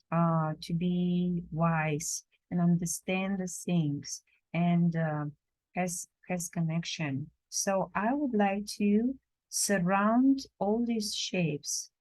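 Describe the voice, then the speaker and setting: Slow, gentle woman teaching drawing. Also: fairly low pitch, low-quality recording. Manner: slow, gentle, non-native phrasing with many pauses. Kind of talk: live drawing lesson. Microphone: camera while drawing at a table.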